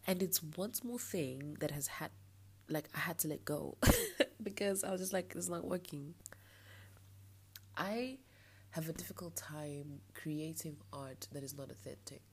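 A young woman talks through a late-night personal monologue on her podcast, frank and a bit frustrated, breaking into soft laughs as she rants. She has a blocked nostril. She speaks at normal speed in a low, husky voice.

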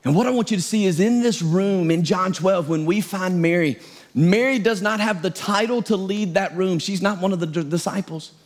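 A man's voice: high-pitched, normal speed. A middle-aged male pastor preaching a sermon in a conversational, self-deprecating way.

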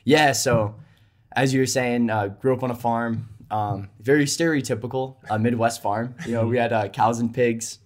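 A man's voice: medium pitch, fairly even intonation, moderate pace. A man in his twenties from Minnesota with a Minnesota accent, a podcast guest chatting casually and filling his talk with "um" and "like". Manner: easygoing, many fillers like "um" and "like". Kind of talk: casual chat.

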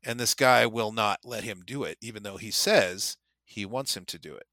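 A man co-hosting a podcast, reading a passage aloud and discussing it in an animated way. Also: fairly low pitch, normal speed, no room sound, clean studio sound. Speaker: podcast co-host.

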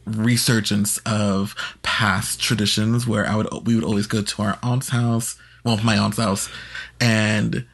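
A man with a somewhat low voice talks in a relaxed, casual chat. He tells stories with playful, animated energy as a podcast co-host. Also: creaky.

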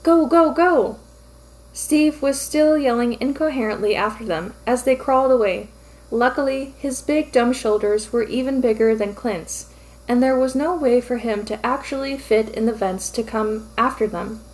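Woman narrating fan fiction, fairly high voice. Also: moderate pace, darkish tone, low-quality recording.

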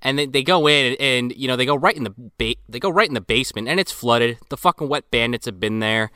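A man's voice: medium pitch, quick pace, sharp tone, clear, resonant tone, no room sound, studio quality. A man co-hosting a podcast, rambling through profane, jokey theories in casual chat. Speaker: podcast co-host.

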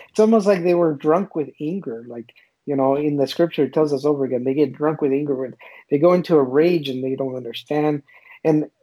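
Scripture podcast co-host, male, mellow, higher pitch; paraphrases verses, acts out quotes. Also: breathy edge, poor audio. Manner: paraphrases scripture with acted-out quotes, halting restarts. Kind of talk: casual religious discussion.

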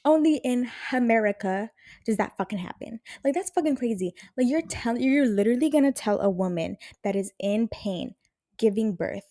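A woman's voice: fairly high pitch, expressive, normal speed, warm tone, dry recording, clean studio sound. A young woman hosting a podcast in casual chat, rambling, frank and profane. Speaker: podcast host.

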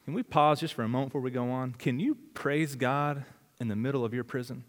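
A male pastor delivering a dramatic sermon, full of rhetorical questions, swinging between loud urgency and hushed intensity. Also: medium pitch, brisk, in a large hall.

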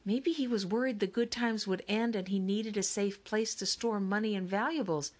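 A woman's voice: medium pitch, steady tone, moderate pace, pitched above the performer's own voice, lightly acted. A woman reading an audiobook, voicing an eager, impatient young girl. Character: eager impatient girl, sibling who sketches.

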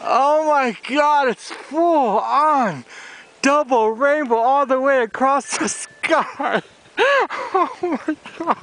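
A man's voice: very high voice, lively intonation, drawn-out words, fairly bright tone, voice pushed up, heavily acted. A man putting on a grown man overwhelmed with joy, gasping out breathless, awestruck exclamations.

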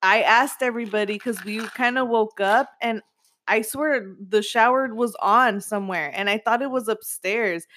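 A woman's voice: on the high side, normal speed, a bit bright. A young woman in casual chat with friends, rambling loosely with lots of fillers and swearing.

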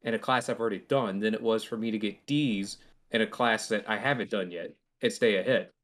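A man's voice: on the low side, fairly quick, a bit bright. A young man hosting a podcast, telling a long, rambling story with casual swearing and acted-out quotes. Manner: rambling storytelling with profanity and laughter; acts out quoted voices. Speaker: podcast host. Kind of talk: casual chat.

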